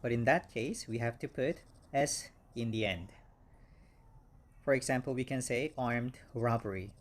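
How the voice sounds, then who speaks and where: A man teaching English vocabulary, speaking slowly and repeating each word several times for learners. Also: mid-range voice. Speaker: English instructor. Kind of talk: slow vocabulary lesson.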